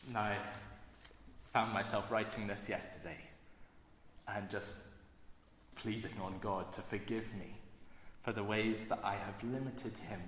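A man preaching a sermon in an earnest, measured way, slowing down to stress key phrases. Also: lowish voice, a bit bright, a little hiss or hum. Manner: earnest, measured delivery with slow emphatic phrases. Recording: echoey hall with long reverb.

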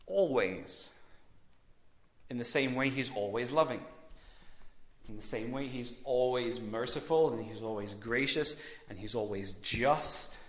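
A man preaching a sermon, measured and emphatic with long pauses. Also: medium pitch, roomy sound.

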